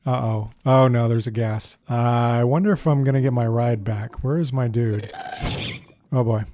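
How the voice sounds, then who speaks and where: Gameplay commentator: man, mellow tone, chatty, thinks out loud, casual delivery. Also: medium pitch, moderate pace. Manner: chatty, thinks aloud, often says "dude". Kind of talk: casual let's-play commentary.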